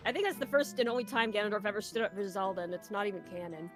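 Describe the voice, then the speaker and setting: A woman's voice: mid-range voice, expressive, racing, faint music behind. A woman chatting playfully with friends on a live stream. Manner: giggly, playful banter. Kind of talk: casual chat on a live stream.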